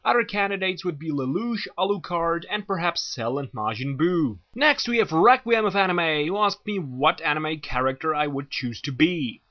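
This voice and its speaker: A man's voice: on the high side, expressive, moderate pace, hardly any pauses. A man chatting casually to his viewers as an anime reviewer, joking, crude and sarcastic, in a dull lo-fi recording. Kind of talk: casual video chat.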